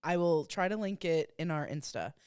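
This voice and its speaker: A woman co-hosting a podcast in casual chat, with a profane, slangy, animated way of talking. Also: low voice, moderate pace, smooth, no echo, studio quality. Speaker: podcast co-host.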